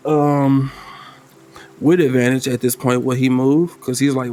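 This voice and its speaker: A man running a solo tabletop game as game master, talking loosely in slang and thinking out loud. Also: medium pitch, fairly even intonation, slow pace. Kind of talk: casual tabletop game narration.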